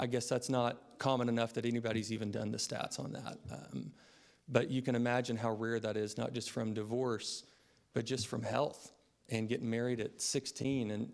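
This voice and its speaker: Gravelly-voiced man giving a eulogy. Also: mid-range voice. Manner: unhurried, reflective, with frequent "um" fillers. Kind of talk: funeral eulogy, personal storytelling. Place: funeral service.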